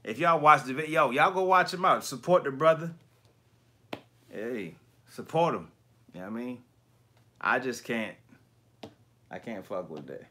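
A man hosting a casual livestream chat about collectibles, talking in slangy, profane bursts and animated storytelling. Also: mid-range voice, unhurried, long pauses, slight background noise. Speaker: YouTube collector channel host.

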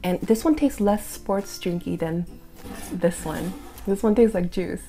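A woman's voice: on the low side, a little slow, dark tone, soft background music. A young woman in her twenties chatting casually through a taste-test vlog, thinking aloud with fillers. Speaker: food vlogger.

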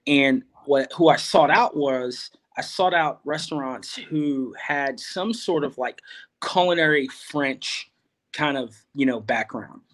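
A man's voice: mid-range voice, slow pace, a bit bright. A middle-aged man, a farmer guest, telling a long story in a rambling way, full of fillers and restarts, livening up when he quotes other people. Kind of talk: conversational storytelling.

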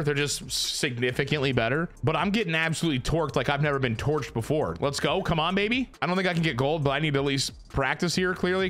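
Playing a football video game, this young man talks in a fairly high, slightly bright voice. He's a gaming YouTuber whose casual commentary is self-mocking and full of swearing.

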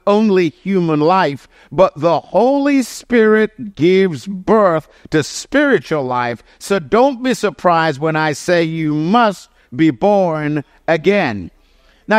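A man's voice: on the high side, no room sound, clean studio sound. A man preaching a sermon, emphatic and full of rhetorical questions to his listeners, often restarting and correcting himself mid-phrase. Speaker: pastor.

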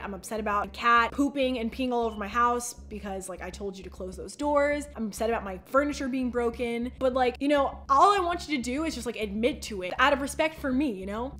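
A young woman with a fairly high voice tells a casual storytime vlog, chatty and animated. She acts out quoted texts and peppers her talk with "like".

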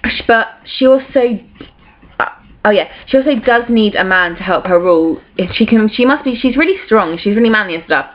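A woman's voice: medium pitch, animated, brisk, lo-fi sound. A young woman in her late teens, casually talking through revision notes with lots of fillers, now and then acting out quotes in playful voices. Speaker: student revising for exams. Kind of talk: casual revision talk to camera.

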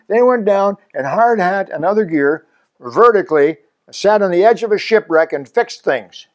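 Speaking at a normal speed in a high-sitting, expressive voice, this man in his seventies from Canada runs his own scuba channel. He chats casually to the camera, pokes fun at himself, and chuckles between points.

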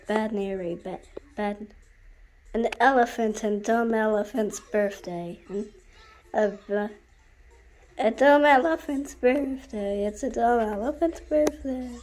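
A woman's voice: a little high, slow pace, darkish tone. A woman streaming a game, chatting in a silly, contrary, sing-song teasing way. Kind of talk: playful game commentary.

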